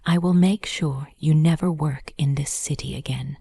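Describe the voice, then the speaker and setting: A cruel, smug rich ex-husband, whispered by a woman in low, smooth, taunting tones. The whisper is dark and husky, with a gravelly edge, close and dry. It is whispered role-play. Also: fairly even intonation, moderate pace, no room sound, exaggerated voice. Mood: cold menace.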